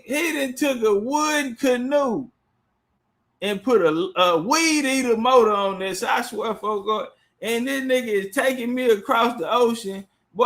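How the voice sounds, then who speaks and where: High-voiced man telling a rowdy story. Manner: animated, profane, laughs often while telling. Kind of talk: casual storytelling monologue.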